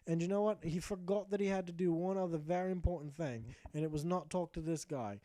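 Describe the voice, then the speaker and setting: A man with a high but mellow voice recounts his gameplay as a mock-heroic tale, cracking crude jokes along the way. The sound is dry and close, with no room around it. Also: a little fast, no echo. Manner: jokey, profane, mock-epic storytelling. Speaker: gamer narrating his playthrough. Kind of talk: comedic game commentary told as a tale.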